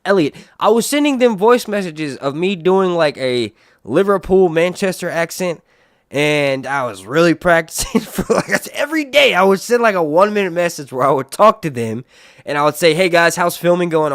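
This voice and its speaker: A man's voice: high voice, sing-song, moderate pace, dry recording, clean studio sound. A man from North Carolina, chatting casually on a livestream and laughing often. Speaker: livestream TV show reviewer. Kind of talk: casual live chat.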